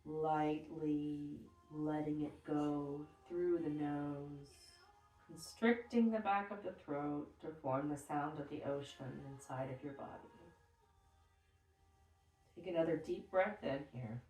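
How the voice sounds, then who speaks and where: A woman guiding a yoga class with slow, soothing breath cues. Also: low-pitched, mellow, distant mic. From Texas. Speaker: yoga teacher. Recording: roomy sound from off the mic.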